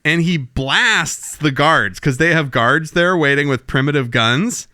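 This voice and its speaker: Animated, swearing young-sounding man. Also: a little high, measured pace, dry recording, clean studio sound. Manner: animated, profane, acts out quotes. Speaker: podcast co-host. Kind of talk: casual chat recapping a TV episode.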